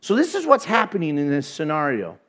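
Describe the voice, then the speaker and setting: A man preaching a sermon, retelling a story in an animated way with humorous asides. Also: a little high, brisk.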